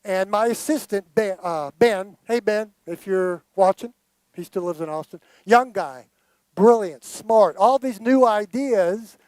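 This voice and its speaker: An older man in his late sixties with a high voice tells a heartfelt personal story to a gathering. He speaks earnestly and emotionally, turning to the audience now and then. The sound is dry and close, with little room echo. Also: a little slow, darkish tone. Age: late 60s. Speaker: guest speaker. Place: hall of a gathering.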